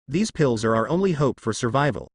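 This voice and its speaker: A man's voice: mid-range voice, lively intonation, brisk, husky, dry recording, clean studio sound. A man doing a wounded young fighter on his last legs. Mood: strained.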